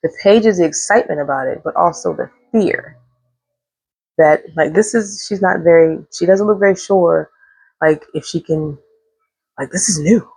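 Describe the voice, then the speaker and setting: A woman's voice: lowish voice, moderate pace, creaky, a little mellow, breathy edge, no room sound, poor audio. A woman giving a casual tarot reading, chatty and rambling, who swears freely. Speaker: tarot reader.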